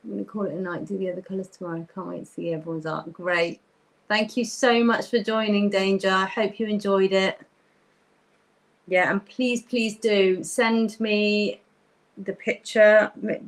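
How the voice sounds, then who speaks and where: This is a woman hosting a live-streamed craft tutorial from her table at home, her voice sitting in an ordinary middle pitch. She talks her way through each step as she paints, chatting loosely to viewers and apologizing often along the way. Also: low-quality recording. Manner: chatty, thinks aloud while painting, apologetic. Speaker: craft workshop host.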